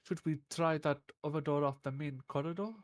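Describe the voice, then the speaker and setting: A man's voice: on the high side, fairly even intonation, fairly quick, a little hiss or hum. A man playing a tabletop role-playing game, speaking politely and formally in character. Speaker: player.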